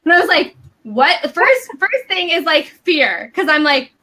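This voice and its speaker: Chatty woman guest, high bright voice, animated storyteller. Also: moderate pace. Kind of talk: casual podcast chat.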